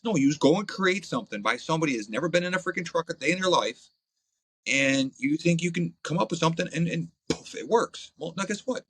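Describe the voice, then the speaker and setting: A man, a podcast guest, telling crude, blunt stories in a casual, animated way. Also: on the high side, quick pace, slightly rough, no echo, poor audio. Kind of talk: profane casual storytelling.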